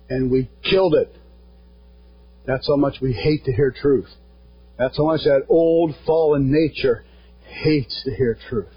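Husky-voiced man preaching a sermon. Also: a little high. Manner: earnest, plain-spoken preaching with scripture quotes. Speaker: pastor. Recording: dull lo-fi sound.

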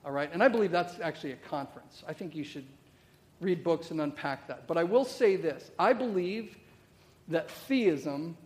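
Middle-aged pastor guy, high voice, sermon w lots of questions and "okay?"s, big echoey church. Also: animated, moderate pace. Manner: conversational preacher, rhetorical questions, frequent "okay?" check-ins. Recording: long reverb of a large hall.

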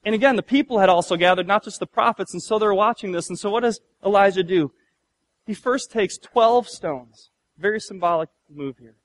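High-voiced man preaching a lively sermon. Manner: lively storytelling, acts out biblical voices with humor. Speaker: pastor.

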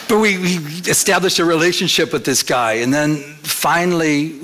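A man's voice: high-pitched, moderate pace, hardly any pauses, a crowd in the background. A male pastor preaching a sermon in church, in a conversational storytelling manner that slips into acted quotes.

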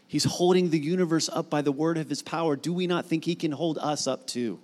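A middle-aged man preaching a sermon as pastor, conversational and animated, building to emphatic repeated lines. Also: fairly high pitch, brisk. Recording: long hall reverb.

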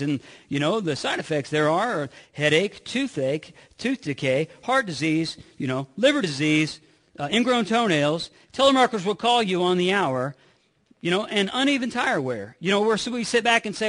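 A male preacher with a high voice delivers a sermon earnestly. He often stumbles and repeats himself, and his volume rises and falls between loud and hushed passages. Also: moderate pace.

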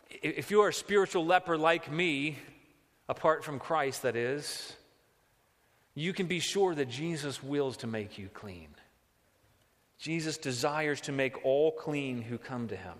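A man preaching a sermon as pastor, moving between hushed reflection and loud, impassioned exclamation. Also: fairly high pitch, expressive, normal speed. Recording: reverberant hall.

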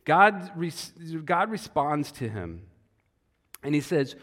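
Male pastor, sermon, unhurried, expressive pitch, hall echo. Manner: animated, conversational, repeats words. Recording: long hall reverb.

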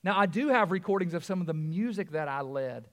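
Man, pastor's sermon, high voice, gravelly edge, chatty asides. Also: expressive, brisk, fairly bright tone. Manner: conversational preaching with frequent asides and repeated words.

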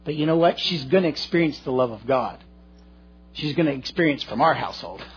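A middle-aged male pastor preaching a sermon, telling a story earnestly and swinging between loud and hushed delivery. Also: on the high side, animated, a little fast, husky. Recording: dull lo-fi recording.

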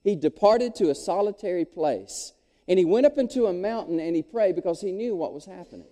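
A male pastor delivers an animated sermon and calls out to his congregation. His voice sits high and swings widely in pitch, with a very dark, mellow tone. A long hall reverb trails behind every phrase. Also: a little fast. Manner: animated preaching with crowd call-and-response. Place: church sanctuary.

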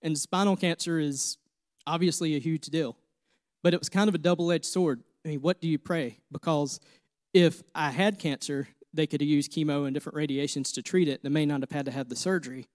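A man's voice: a little high, fairly even intonation, brisk, a little mellow, no echo, studio quality. A man in his thirties preaching a sermon, earnest and personal, repeating phrases as he tells his own story. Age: 30s. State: emotional, near tears. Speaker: pastor.

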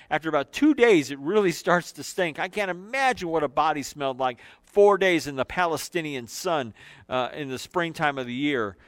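A man preaching a sermon in repeated, emphatic phrases. He slows down and drops quiet on key words, with loose asides and fillers between passages. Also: a little high, clean tone, dry recording. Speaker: pastor.

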